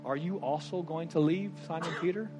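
High-voiced pastor, loud then hushed. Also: male voice, over music. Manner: animated, swings between loud and hushed; conversational, rushed asides. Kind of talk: sermon.

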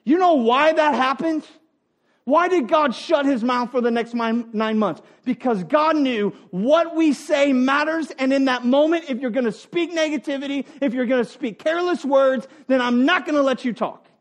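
A man preaching a sermon who speaks as a parent and coach, repeating phrases for emphasis and swinging between loud emphatic stretches and soft low asides. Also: normal speed. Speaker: pastor.

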